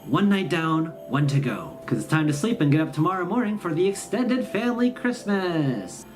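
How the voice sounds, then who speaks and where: Host rambling through a sarcastic holiday story, voice all over the place, quiet guitar somewhere behind. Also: mid-range voice. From Midwestern US. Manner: sarcastic, rambling, self-mocking. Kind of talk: comedic storytelling monologue.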